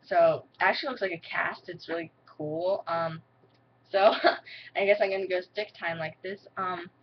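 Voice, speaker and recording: A teenage girl vlogging casually to camera, rambling with lots of fillers and excitable asides. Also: lowish voice, normal speed. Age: teens. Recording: dull lo-fi webcam audio with faint noise.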